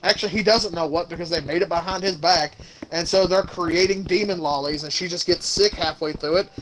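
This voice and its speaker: A young man co-hosting a podcast, ranting and swearing in an animated casual chat. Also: high voice, fairly quick, slight background noise, low-quality recording. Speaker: podcast co-host.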